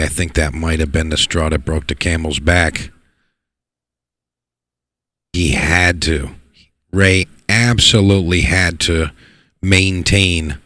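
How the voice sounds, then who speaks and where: A man giving live play-by-play commentary on a pool match, excitable and repeating words for emphasis. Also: deep voice, no echo. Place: pool hall.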